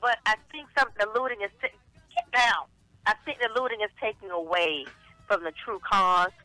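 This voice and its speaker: A woman co-hosting a casual talk radio show, speaking in a measured, reflective way with affectionate greetings. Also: medium pitch, pushed and bright, dry recording, low-quality recording. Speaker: show regular and co-host.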